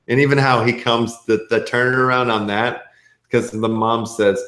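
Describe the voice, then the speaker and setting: A man's voice: medium pitch, fairly even intonation, moderate pace, a bit bright, roomy sound. A man co-hosting a casual podcast, giving a rambling, profane recap of a movie. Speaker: podcast co-host.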